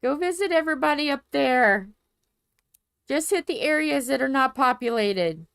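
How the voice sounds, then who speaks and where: A woman's voice: sits high, lively intonation, normal speed, vocal fry, a bit bright, dry recording. A woman chatting casually on a home live stream, rambling and joking and swearing freely.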